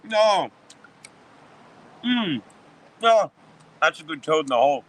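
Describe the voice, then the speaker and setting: A man's voice: a little high, very animated, unhurried. A man in his fifties hosting a casual livestream, reading chat and ranting about football in a profane, rambling way. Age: 50s. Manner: profane, rambling sports rant.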